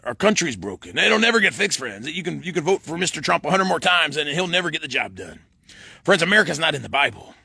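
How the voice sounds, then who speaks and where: Raspy fast-talking man. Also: on the high side, no room sound. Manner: says "friends" in nearly every line, rambling and excitable. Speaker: vlogger. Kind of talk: rambling monologue to camera. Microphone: phone.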